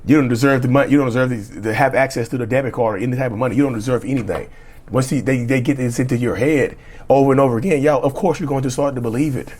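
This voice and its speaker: A man's voice: mid-range voice, fast, a little mellow. A middle-aged man speaking as a relationship coach, giving emphatic, repetitive, blunt motivational talk with cussing.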